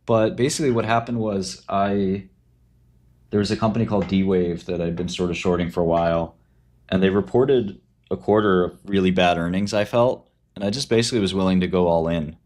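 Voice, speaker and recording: Brief: male livestream host, lowish voice, blunt, offhand, casual advice. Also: fairly even intonation, brisk, a little mellow.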